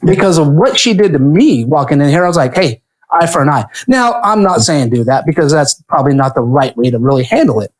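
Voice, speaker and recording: A man from California, talking as a podcast guest with a slightly high-pitched voice. He swears freely and tells animated stories. His voice shoots up when he gets fired up. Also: fast, hardly any pauses. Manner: profane animated storyteller. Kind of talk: casual chat.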